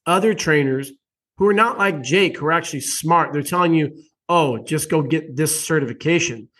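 A man hosting a casual interview, talking bluntly and swearing freely. His voice sits a little high. He keeps slipping into mocking quotes of other people to press his point. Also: normal speed. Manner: blunt, profane and animated, jumps into mock quotes. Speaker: podcast host.

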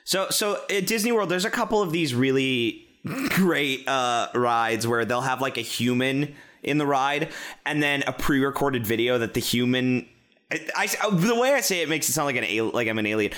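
A man's voice: medium pitch, moderate pace. A man in casual podcast chat, telling rambling, profane stories with lots of fillers and restarts. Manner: rambling, profane, animated storytelling with many fillers.

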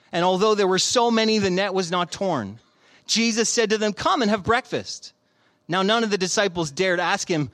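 A man's voice: sits high, a bit bright. A man in his thirties preaching a sermon, reading scripture and telling stories in a conversational way, often asking questions. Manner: conversational, storytelling with rhetorical questions. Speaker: pastor.

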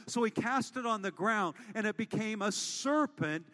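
A man preaching a sermon as pastor, moving between hushed storytelling and loud, rallying calls to the congregation. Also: high-pitched, lively intonation, moderate pace, few pauses, big-room sound. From United States.

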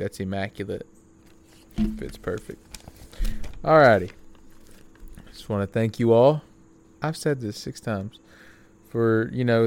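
A young man with a lowish, smooth and resonant voice talks through his solo podcast, recorded on a back porch outdoors. He rambles in a loose, friendly way, with plenty of fillers and restarts. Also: darkish tone. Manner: rambling and friendly, with many fillers and self-corrections. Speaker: podcast host. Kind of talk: casual solo podcast talk.

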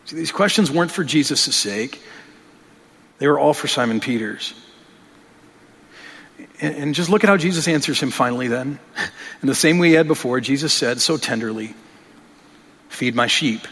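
A man's voice: mid-range voice, animated, moderate pace, long pauses, a bit bright, husky. A male pastor preaching a sermon in an earnest, conversational way, often restarting his phrases. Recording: long reverb of a large hall.

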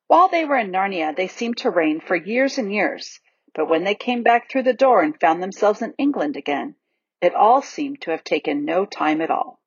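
A woman reading a children's novel aloud in a lively, expressive storybook narration, in a dull, dry recording. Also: on the low side, husky, no echo. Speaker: audiobook reader.

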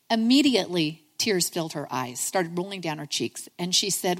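A woman's voice: on the low side, sing-song, normal speed, hardly any pauses, in a large hall. A middle-aged woman giving a sermon, telling a personal story in an earnest, conversational way and calling her listeners friends.

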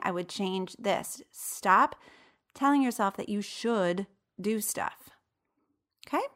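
A woman hosting a casual solo podcast as a coach, talking in an animated, playful way and acting out inner voices. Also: a little high. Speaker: ADHD coach and podcast host.

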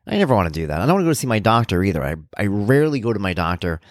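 Middle aged guy podcasting, low voice, rambly and joking at himself, dry close mic. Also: big pitch swings, racing, dry recording. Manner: rambling, self-deprecating humor. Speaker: podcast host. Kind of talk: casual storytelling monologue.

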